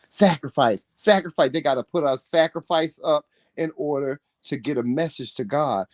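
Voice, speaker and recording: A man's voice: medium pitch, darkish tone, dry recording, studio quality. A man in casual chat, talking animatedly in a preachy way and swearing freely. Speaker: co-host.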